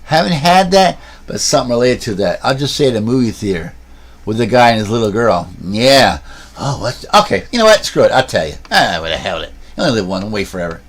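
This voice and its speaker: A man's voice: fairly low pitch, big pitch swings, brisk. A man streaming and vlogging, talking casually and telling a long story with restarts and asides, filmed on a handheld camera. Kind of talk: casual rambling livestream talk.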